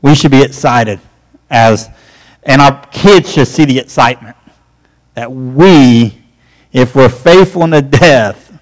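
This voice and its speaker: A man's voice: mid-range voice, rough recording. A man teaching a church Bible study, folksy and emphatic, rising when he presses a point. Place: church classroom.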